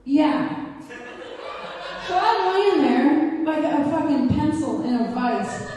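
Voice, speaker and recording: A woman's voice: sits high, lively intonation, slow pace, mellow, recorded from a distance, slight background noise. A young woman performing a stand-up set, telling a crude story candidly and laughing often. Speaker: stand-up comedian. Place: comedy club stage. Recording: roomy reverb, mic heard from afar.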